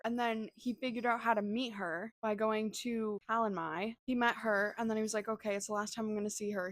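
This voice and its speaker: A woman's voice: mid-range voice, no room sound. Gushing young woman book vlogger. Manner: gushing, emotional, dramatic reactions. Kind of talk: casual reading vlog.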